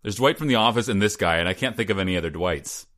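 A man's voice: lowish voice, animated, fast, a bit bright. A man co-hosting a casual movie discussion, chatty and trivia-minded, restarting his sentences often. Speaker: podcast co-host.

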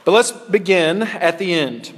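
A man delivers a sermon as pastor, earnest and deliberate, stretching out his key phrases for weight. His voice sits somewhat high for a man. The sound rings with the long reverb of a large hall, as in a church sanctuary. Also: lively intonation.

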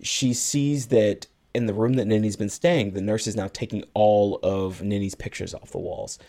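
Man, podcast co-host, fairly low voice, casual plot recap, acts out film lines. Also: fairly even intonation, moderate pace, dark tone. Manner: retells a film plot at length, acting out lines of dialogue. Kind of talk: casual movie recap chat.

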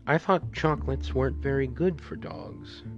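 A man voicing a curious, guarded young girl who answers flatly in a storybook reading. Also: mid-range voice, moderate pace, highs cut off, over music, voice pushed up, natural voice. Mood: reserved.

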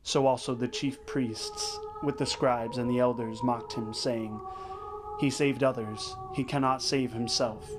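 A man leading the rosary, reading scripture and prayers in a measured, solemn way, phrase by phrase. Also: mid-range voice, steady tone. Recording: voice over clear background music. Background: sacred choral music.

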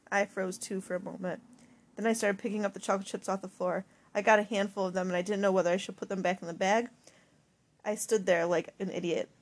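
A woman's voice: medium pitch, slightly rough. A woman narrating a first-person audiobook in an emotional, confessional diary-like reading.

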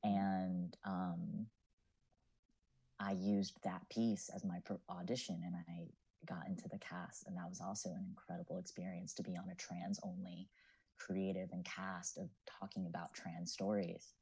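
A man's voice: low voice, flat delivery, measured pace, vocal fry, a little mellow, breathy edge, rough recording. A man in his twenties, a student writer and podcast guest, talking in an earnest, reflective way with many fillers. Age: 20s. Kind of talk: casual podcast chat.

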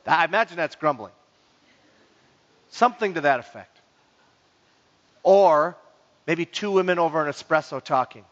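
Lively pastor preaching in a hall. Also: male voice, on the high side, normal speed, pauses often. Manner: lively, joking, acts out grumbling voices. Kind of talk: sermon. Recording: dull sound in a reverberant hall.

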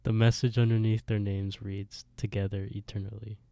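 Low mellow dude retelling a spooky episode, doing all the lines, dry close sound. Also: male voice, moderate pace, gravelly, no echo. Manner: animated retelling, switches between characters' lines, laughs often. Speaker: podcast co-host recapping an episode. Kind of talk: casual chat, retelling a plot with quoted dialogue.

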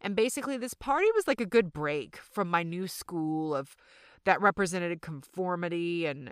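A woman's voice: on the low side, a bit bright, no echo, studio quality. A middle-aged woman with a Southern accent, hosting a storytelling podcast in a chatty, self-deprecating way. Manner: chatty, self-deprecating, addresses listeners as y'all. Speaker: podcast host.

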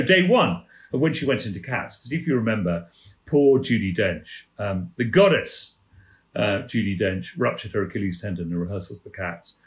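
A man from England, a former theatre manager, telling lively backstage anecdotes as a podcast guest and acting out the voices in his stories. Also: medium pitch. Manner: lively raconteur, acts out quoted voices. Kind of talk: anecdotal storytelling. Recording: roomy echo.

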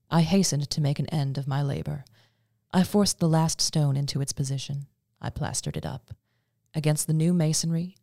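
A man with a gravelly voice reading a classic horror story as narrator and host, measured and dramatic. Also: medium pitch, warm tone, dry recording, clean studio sound. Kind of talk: scripted audiobook narration.

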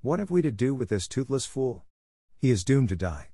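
A man's voice: mid-range voice, sing-song, warm tone, slightly rough, dry recording, clean studio sound, voice pushed up. A man reading aloud, voicing a hateful, domineering male tiger who drags out his words. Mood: scornful. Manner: slow, drawn-out speech. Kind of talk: audiobook reading.

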